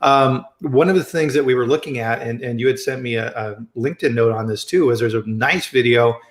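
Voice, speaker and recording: A man's voice: mid-range voice, a little fast, echoey room. A man hosting a casual live-stream chat on a video call, friendly and chatty, often restarting his sentences. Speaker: host.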